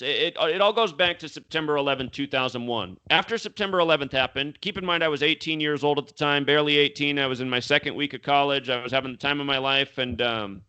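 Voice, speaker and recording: Intense bright-voiced man explaining numbers. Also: fairly high pitch. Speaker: guest. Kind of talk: conversational interview talk.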